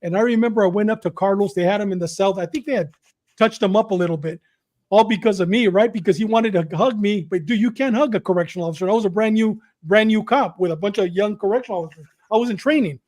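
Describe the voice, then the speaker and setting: Quick and repetitive in his retelling, this middle-aged Southern Californian man acts out quotes as an animated storyteller. He's a podcast guest with a high voice, recounting his story.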